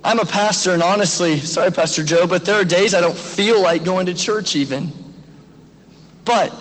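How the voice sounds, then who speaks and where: Pastor, man in his 30s, high tenor, earnest exhorting sermon, long hall echo. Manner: earnest, exhorting, asks direct questions. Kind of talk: graduation sermon and prayer.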